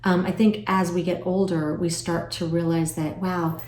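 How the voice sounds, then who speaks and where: A woman in her forties chatting to camera in a vlog, emotional and soft-spoken, trailing off with fillers. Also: little pitch movement, moderate pace, roomy sound, slight background noise. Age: 40s. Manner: high cooing voice when talking to her pets. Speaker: vlogger. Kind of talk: casual chat to camera. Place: at home, indoors.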